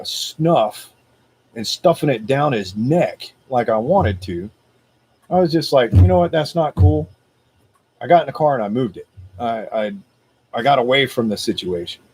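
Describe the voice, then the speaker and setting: A man hosting a motivational video, telling a personal story in a casual, animated, slangy way. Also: mid-range voice, measured pace, slightly rough. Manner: greets viewers live by name.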